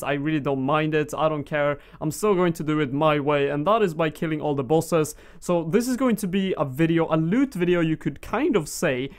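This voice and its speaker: A young man with a Swedish accent talks through his gameplay in a loose, rambling way, often pausing on fillers as he thinks aloud. His voice sits a little higher than most men's. He speaks into a desktop mic for his channel's commentary. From Sweden. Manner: chatty, rambling, with frequent fillers. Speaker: gaming YouTuber.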